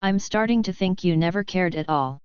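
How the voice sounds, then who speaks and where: A woman's voice: on the low side, moderate pace, smooth, no echo, natural voice. A woman reading a story, voicing a furious, bitter young man who has turned to darkness, on a dull lo-fi recording. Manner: angry, bitter.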